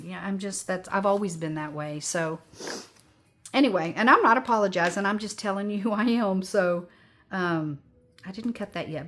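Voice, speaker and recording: A woman's voice: mid-range voice, a bit bright. A woman of sixty chatting casually as she crafts at home, rambling and upbeat. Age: 60s. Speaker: crafting vlogger.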